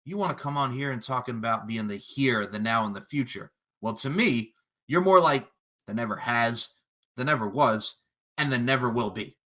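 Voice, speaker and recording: A man cutting a fantasy wrestling promo as a podcast guest, cocky and taunting, swinging between low menace and loud boasts. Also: moderate pace.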